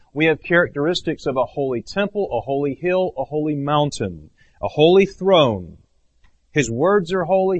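A man preaching a sermon as pastor, earnest, swinging between raised emphatic phrases and low hushed ones. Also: dull audio.

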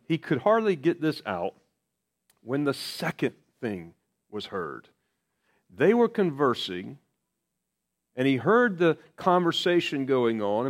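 Conversational male preacher, emphatic repetition. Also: on the high side. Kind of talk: sermon.

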